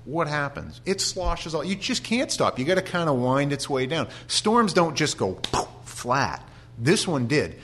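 A male pastor giving an animated sermon with humorous stories and frequent restarts. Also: fairly high pitch, unhurried, husky.

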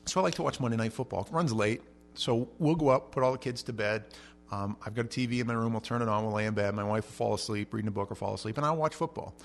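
A middle-aged male pastor preaches in a lively, storytelling way. His voice jumps between loud, raised passages and soft, low asides, and he repeats words as he gets going. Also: fast, gravelly, soft background music. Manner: animated storytelling with big swings in pitch and loudness; repeats words when starting sentences. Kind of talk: sermon.

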